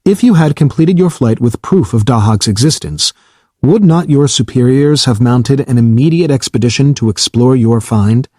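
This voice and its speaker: A man voicing a calm, formal, self-aware battleship AI in an audiobook, speaking in a measured, precise, unflinching way. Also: mid-range voice, no echo, clean studio sound, close to an everyday voice. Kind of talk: audiobook character reading.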